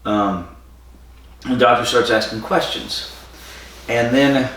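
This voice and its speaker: A man's voice: lowish voice, slow pace, long pauses, a bit bright. A man hosting a podcast, casually recapping a story with digressions and self-corrections. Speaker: podcast host. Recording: very echoey room, far from mic.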